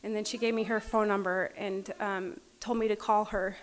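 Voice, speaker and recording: A woman from Utah gives a personal recovery talk as the AA meeting speaker in a meeting room, openly recounting her past and often laughing as she plays her old self. Her mid-range voice keeps a level tone at a normal speed.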